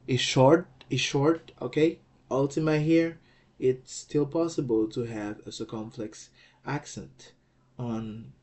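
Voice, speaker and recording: A man explains grammar rules in an unhurried, measured lesson. His voice is dark and mellow. He repeats phrases and pauses to check that the listener follows. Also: medium pitch. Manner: slow and deliberate, repeats phrases, frequent "okay?" checks. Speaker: Greek language teacher.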